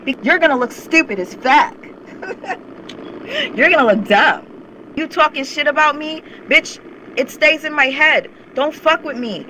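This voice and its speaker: A woman's voice: high voice, unhurried, pushed and bright, slight background noise, poor audio. A young woman ranting on her vlog channel, heated, confrontational and swearing often. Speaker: YouTube commentator. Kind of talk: angry rant to camera.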